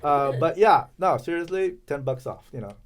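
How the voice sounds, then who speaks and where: Halting man chatting as a podcast guest. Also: fairly high pitch, animated. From Los Angeles. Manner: halting, many fillers and restarts. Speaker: podcast guest, chamber of commerce president. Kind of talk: casual interview chat.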